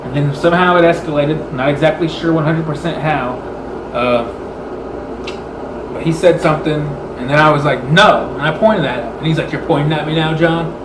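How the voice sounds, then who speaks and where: A man's voice: a little high, moderate pace. A man telling an angry story about a clash with his manager, acting out both sides of the argument and swearing often. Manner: animated, swearing, replays arguments in quoted dialogue. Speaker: vlogger. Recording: echoey room with background hum.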